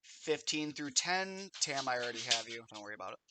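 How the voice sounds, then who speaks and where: A man acting as game master of a tabletop game, unhurried and pausing to check his notes. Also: medium pitch, lively intonation, heavy background noise.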